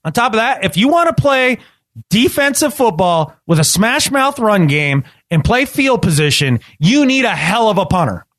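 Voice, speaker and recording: A man co-hosting a casual sports podcast, talking emphatically and repeating himself when excited. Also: high-pitched, normal speed, no echo, studio quality. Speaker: podcast co-host.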